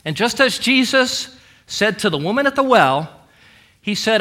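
A man preaching a sermon with emphatic delivery, dramatic pauses and quoted scripture. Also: sits high, very animated, bright, forceful tone. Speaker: pastor.

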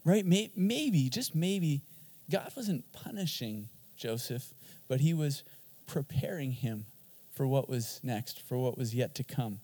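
A man preaching a sermon in an energetic, joking and emphatic way. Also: medium pitch, slow, in a large hall. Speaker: pastor.

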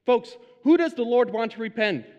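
A man's voice: very high voice, lively intonation, normal speed, a little mellow, long reverb tail, highs cut off. A pastor preaching an emphatic sermon and putting questions to his congregation.

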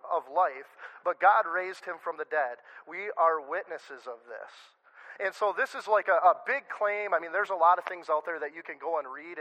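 A male pastor giving a sermon in a conversational, animated way, often restarting his sentences. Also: sits high, poor audio.

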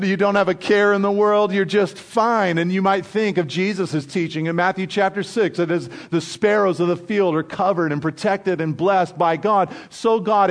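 A man preaching a sermon in an earnest, conversational way, slowing down and dropping to a near hush on his key lines. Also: on the high side. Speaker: pastor.

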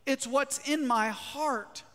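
A man preaching a sermon as a pastor in a church, lively, often putting questions to the congregation. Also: extremely high pitch, slow pace. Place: church sanctuary. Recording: long hall reverb.

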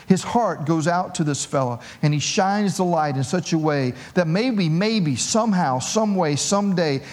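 A man's voice: a little high, a little mellow. A male pastor preaching a sermon, telling the story with humor. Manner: storytelling, humorous, acts out voices.

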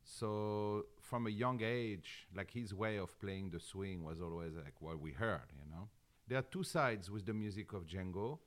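A man with a French accent and a fairly low voice speaks in an interview. He explains ideas reflectively, pausing on fillers as he goes. His delivery is measured and earnest. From France. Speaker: guest musician. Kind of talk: interview answers.

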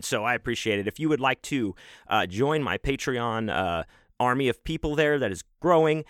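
A man hosting a podcast, giving casual, effusive shout-outs to supporters and swearing freely. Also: fairly low pitch, smooth, no room sound, clean studio sound. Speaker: podcast host.

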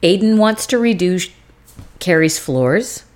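A woman's voice: fairly low pitch, unhurried. A young adult woman co-hosting a podcast, recapping a TV series in casual chat and acting out scenes with swearing. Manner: animated retelling, acting out scenes with profanity. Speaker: podcast co-host.

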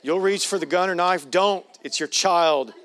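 A man's voice: sits high, normal speed, fairly bright tone, some chatter behind. A man preaching a sermon in a folksy, joking way with playful asides. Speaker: pastor.

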